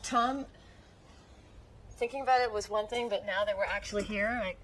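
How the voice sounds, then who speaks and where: A woman's voice: mid-range voice, normal speed, fairly bright tone, slight background noise, natural voice. An actress playing a hesitant, embarrassed young woman in a TV comedy. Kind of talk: TV comedy acting.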